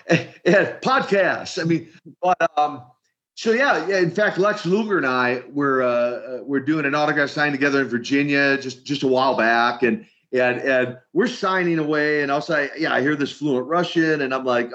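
An older man from Minneapolis, an animated storyteller who often repeats words as he starts his sentences in an interview. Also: fairly high pitch. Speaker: retired wrestler guest. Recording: dull lo-fi sound.

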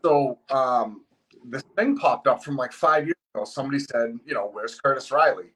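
Male guest, casual rant, blunt and profane, mid-pitched voice. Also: normal speed, a bit bright, rough recording. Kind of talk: casual chat.

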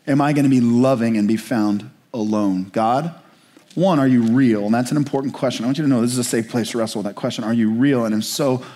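A man preaching a sermon as a pastor, passionate and searching, with slow pleading questions and quicker explanatory asides. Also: medium pitch, mellow.

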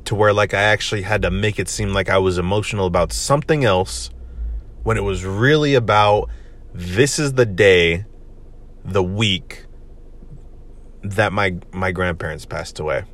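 Young guy with a low voice, rambling confessional podcast monologue, lots of "man" and "you know". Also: normal speed, fairly bright tone. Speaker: podcast host.

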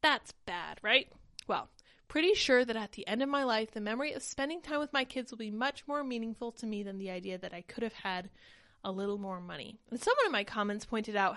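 A woman's voice: medium pitch, expressive, a little fast, a bit bright. A woman in her thirties hosting a political commentary livestream, chatting conversationally and reading tweets and comments aloud. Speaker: host.

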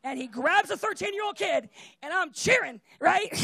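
Casual preacher, high and gravelly, chatty and animated, tags lines with "right?". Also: normal speed, no room sound. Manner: animated, fillers of "like" and "right?", often laughs. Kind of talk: casual conversational sermon with personal stories.

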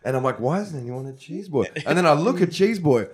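A man's voice: fairly high pitch, lively intonation, fast talker, husky. Swearing Australian man telling stories. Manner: laughing storyteller, swears freely. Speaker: guest musician. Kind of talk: casual podcast chat.

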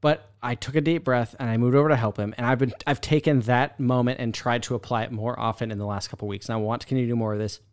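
A man's voice: mid-range voice, fairly even intonation, fast talker, few pauses, smooth. A man in his thirties co-hosting a casual podcast chat, talking in rambling sentences with frequent restarts. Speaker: podcast co-host.

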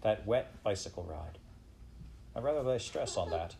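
A man reading as a gentle voice of authority. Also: fairly low pitch, expressive, normal speed, vocal fry, slight background noise, low-quality recording. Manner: gentle yet firm, hopeful and sad. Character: gentle but authoritative male voice of mercy. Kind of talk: audiobook character reading.

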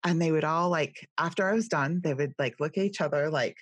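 Husky, low-pitched chatty woman. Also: a little fast, no echo. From California. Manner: chatty storyteller, mimics voices. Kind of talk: casual chat.

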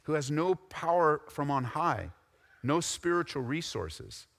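Bright-voiced preacher in a reverberant hall. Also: male voice, fairly high pitch, sing-song, a little slow, vocal fry. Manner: swings from loud exhortation to quiet intensity. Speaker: pastor. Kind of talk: sermon.

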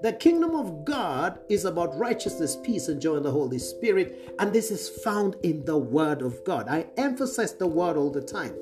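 A man preaching with a lively, swinging delivery that rises and drops sharply. He hammers key phrases again and again and keeps checking that the listeners follow. Clear guitar music plays behind him. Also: a little high, normal speed, few pauses. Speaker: preacher, apostle. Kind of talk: sermon to an online audience.

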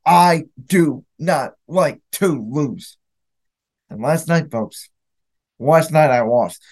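Young man, podcast host, angry emphatic rant, bitter, somewhat high voice. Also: slow, darkish tone. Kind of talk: solo sports reaction podcast.

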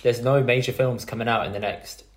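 A man's voice: medium pitch, fairly even intonation, brisk. Podcast co-host, man with a mid-range voice, opinionated and casual. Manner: blunt, opinionated, swears casually.

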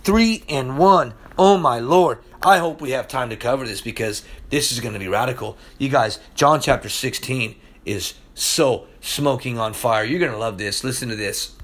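A man's voice: mid-range voice, lively intonation, normal speed, a bit bright. Emphatic, slangy preaching man. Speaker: pastor. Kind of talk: sermon.

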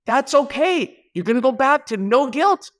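A man with a notably high speaking voice for a man, talking as an interview guest. He delivers motivational advice with energy and emphasis, punching his points with short exclamations. His voice sits well above the usual male range. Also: animated, moderate pace, fairly bright tone. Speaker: podcast guest, business leader and speaker.

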